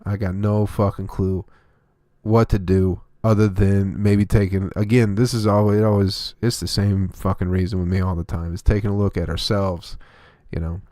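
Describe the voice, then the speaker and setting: A man's voice: low-pitched, little pitch movement, moderate pace, dark tone, dry recording, studio quality. A man hosting his own comedy podcast, delivering a rambling, profane, opinionated solo rant.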